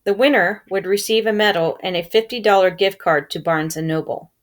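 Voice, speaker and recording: A woman reading a novel aloud, telling it in a calm first-person storytelling manner. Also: medium pitch, fairly quick. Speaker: reader.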